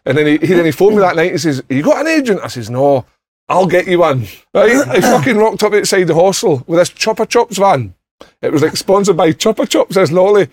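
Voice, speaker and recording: A man's voice: sits high, animated, brisk, no echo. A middle-aged Scottish man telling sweary, laughing anecdotes in casual podcast chat, acting out other people's lines. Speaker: podcast panellist.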